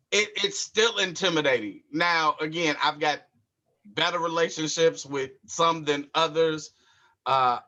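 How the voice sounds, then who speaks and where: Male wrestler guest, slightly high, bright edge, loose casual storyteller. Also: dull audio.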